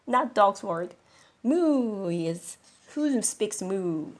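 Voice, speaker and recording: A woman, an English teacher reading a children's story aloud and explaining words in a chatty, animated way. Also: mid-range voice, very slow, a little hiss or hum. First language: Korean. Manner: animated, chatty, laughs often.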